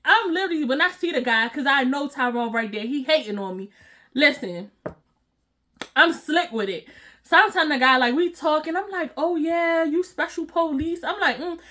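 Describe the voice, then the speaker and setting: A woman telling a personal story to her viewers in a casual, animated, slangy way, often breaking into laughter. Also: sits high. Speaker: storytime vlogger.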